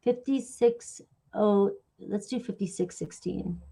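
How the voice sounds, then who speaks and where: A woman in the middle of a casual live tarot reading. She talks in a rambling way, with restarts and "you know"s as she thanks viewers by name. Her nose sounds stuffy and sniffly, and her voice sits at an ordinary middle pitch. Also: slow pace, gravelly, warm tone, husky. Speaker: tarot reader.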